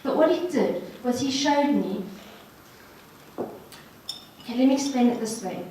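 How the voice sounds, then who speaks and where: A woman's voice: high-pitched, lively intonation, a little slow, mellow, a little hiss or hum. Woman guest speaker, earnest and encouraging; roomy hall sound, distant mic. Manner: earnest, encouraging, addresses audience directly. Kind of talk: personal testimony talk. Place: hall at a ladies' social evening. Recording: echoey room from far off.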